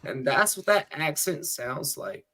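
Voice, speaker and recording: A man's voice: on the high side, animated, unhurried, bright, forceful tone. Rambling, profane podcast host, man. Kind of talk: casual sports chat.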